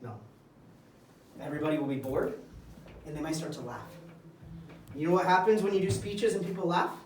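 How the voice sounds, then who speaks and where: A man's voice: on the high side, fairly quick, slight background noise. A man teaching a classroom of young students, speaking in simple, emphatic phrases. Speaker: English teacher. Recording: echoey classroom from far off.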